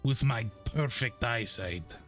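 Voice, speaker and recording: A man's voice: mid-range voice, fairly bright tone, faint music behind. A man playing a blind boastful lizard merchant. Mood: smug. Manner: slow, drawn-out, fidgety and creepy.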